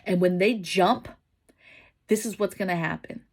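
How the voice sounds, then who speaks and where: A woman's voice: lowish voice, a little slow. A woman vlogging about home preparedness, talking casually and emphatically, often tagging her points with "right?". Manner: emphatic, keeps asking "right?". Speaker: prepping vlogger. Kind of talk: casual opinion vlog.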